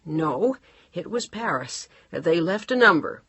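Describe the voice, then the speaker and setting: A woman voicing a hesitant, worried housekeeper who speaks haltingly. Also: fairly low pitch, expressive, fairly bright tone, slightly rough, no echo, full character voice. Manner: halting, unsure.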